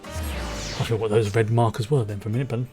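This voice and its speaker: A man from England with a London accent streams a game and gives rambling, chatty commentary, often restarting his sentences. He talks fast in a lowish, steady tone, with music in the background.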